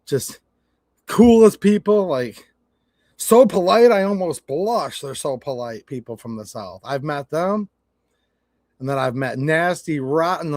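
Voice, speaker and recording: A man's voice: on the high side, darkish tone, no echo, studio quality. A man from Michigan with a Michigan accent, hosting a casual livestream rant, blunt and swearing as he tells stories. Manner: blunt, swearing, storytelling with quoted exchanges. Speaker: channel host.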